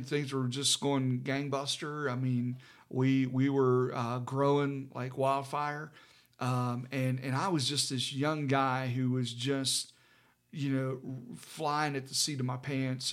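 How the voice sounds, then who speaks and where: A middle-aged pastor with a medium-pitched voice recounts a personal story in casual conversation. His delivery halts often, full of fillers and restarts.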